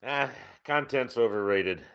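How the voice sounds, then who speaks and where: A man's voice: medium pitch, measured pace, clean tone. A man hosting a podcast in casual chat, laughing often and tossing in jokey asides. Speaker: podcast host. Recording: dull lo-fi audio with faint noise.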